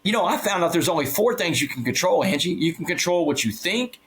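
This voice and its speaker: A man's voice: high voice, fast, rough recording. Man telling a personal story earnestly. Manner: earnest, animated storytelling with quoted dialogue. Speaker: guest speaker. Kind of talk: storytelling interview.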